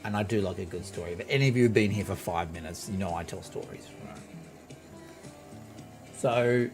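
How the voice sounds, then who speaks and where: A man's voice: low voice, normal speed, over music. A man streaming live, telling a rambling, profane story with lots of restarts. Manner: rambling, swears freely, restarts a lot. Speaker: game streamer.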